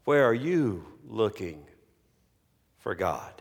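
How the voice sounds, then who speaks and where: Slow, emphatic preacher in an echoing hall. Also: male voice, lowish voice, very animated, gravelly. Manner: slow, emphatic, repeats key phrases. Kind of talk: sermon. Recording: long hall reverb.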